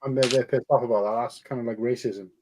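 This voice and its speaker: A man's voice: medium pitch, steady tone, fast talker, a little mellow, slight background noise. A Welsh man with a mixed accent from around Barry, co-hosting a casual chat in sweary, rambling banter. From Wales.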